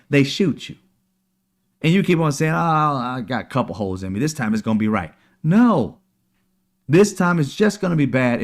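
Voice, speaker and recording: A man hosting a political commentary show, talking in a heated, sarcastic, preachy way and cursing freely. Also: on the high side.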